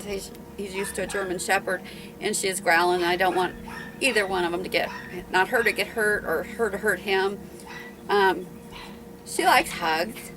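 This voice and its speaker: Against background noise, a middle-aged dog breeder with a medium-pitched voice talks informally in a home video. A little breathless, she rambles on, restarting often and using lots of fillers.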